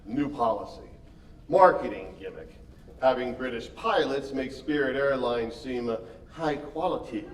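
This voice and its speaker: A man plays a dry, oblivious airline pilot with a deadpan delivery. His pitch moves around a lot and sits a little high. He is heard from a distance in an echoey theater. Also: unhurried, close to an everyday voice. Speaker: stage actor. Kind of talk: live stage comedy. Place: theater stage. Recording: echoey theater stage from far off, faint noise.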